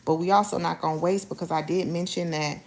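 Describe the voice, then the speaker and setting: This woman, originally from Haiti, cooks live in her home kitchen and chats with the audience, addressing them as y'all. Her lowish, darkish voice stays steady while she talks quickly.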